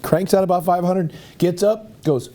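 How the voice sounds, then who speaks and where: Male talk host, mellow tone, animated storyteller. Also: sits high, normal speed. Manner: animated storyteller who acts out quotes. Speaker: show host. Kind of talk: casual storytelling on a talk show.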